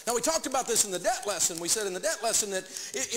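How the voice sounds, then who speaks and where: A middle-aged man teaching a lesson, telling a story in an animated, self-mocking way. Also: extremely high pitch, brisk, hardly any pauses, big-room sound, a little hiss or hum. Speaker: financial teacher. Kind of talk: storytelling lesson to a live audience.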